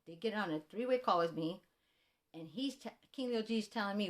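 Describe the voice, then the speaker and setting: A woman's voice: medium pitch, normal speed. Heated, indignant woman ranting. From Mexican-American. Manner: heated, indignant, retells calls with quoted replies. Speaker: music publishing collector. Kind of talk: angry personal rant.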